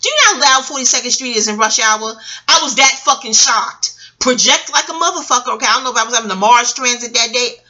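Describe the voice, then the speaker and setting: High bright-voiced woman telling a wild story. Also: lively intonation, fast. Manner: profane, laughing, acts out quotes in many voices. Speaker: vlogger. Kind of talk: animated storytelling rant. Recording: audio-only home vlog.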